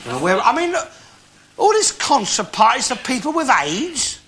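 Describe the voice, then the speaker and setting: This is Alf Garnett, the blustering, cantankerous old working-class London bigot, delivering a stand-up monologue to a live studio audience. He's an older man with an extremely high, exaggerated voice that swings wildly in pitch, grumbling and quick to swear. Loud audience laughter fills the TV studio, with a little hiss or hum.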